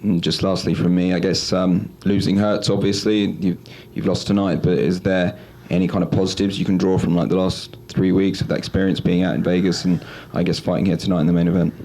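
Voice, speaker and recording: A man asking questions as a reporter at a press conference, measured and hedging with fillers. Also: low-pitched, flat delivery, darkish tone.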